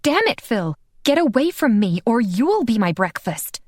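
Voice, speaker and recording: A woman voicing a panicked, indignant young female vampire in an audiobook, with sharp outraged outbursts. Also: sits high, very animated, normal speed, pitched above the performer's own voice. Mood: fierce.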